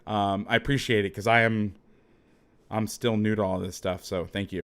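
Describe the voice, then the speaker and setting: A man coaching through game film in a casual breakdown, chatty and quick to correct himself. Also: lowish voice, steady tone, clear, resonant tone.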